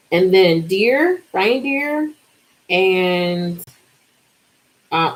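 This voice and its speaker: A woman in her forties hosts a relaxed live stream and chats directly with her viewers. She tells her stories in an animated way and draws out words for emphasis. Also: fairly low pitch, low-quality recording. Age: 40s. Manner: animated, chatty storytelling with drawn-out words. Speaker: livestream host.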